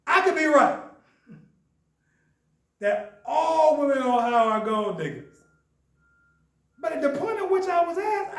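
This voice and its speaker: A man with a Chicago accent giving an animated storytelling lecture, acting out the voices in his story. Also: very high voice. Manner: lively, acts out voices in dialogue. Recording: echoey room, mic at a distance.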